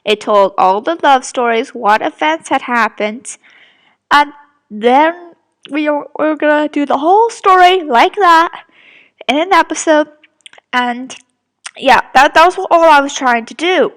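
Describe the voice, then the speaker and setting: A woman's voice: high-pitched, measured pace, fairly bright tone. A young woman from Britain rambling defensively about criticism of her fan audio drama, with many restarts. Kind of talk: casual rant to camera.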